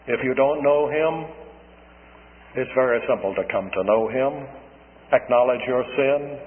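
A man preaching a sermon on the radio, earnest and deliberate, pressing hard on key words. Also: medium pitch, a little hiss or hum. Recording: narrow phone-like old radio broadcast with long reverb.

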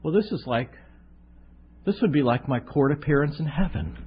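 Male preacher with a high, lively voice, telling a story in a sermon and acting out each character; slightly muffled recording. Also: normal speed, long pauses, slight background noise. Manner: animated, self-mocking storyteller acting out voices.

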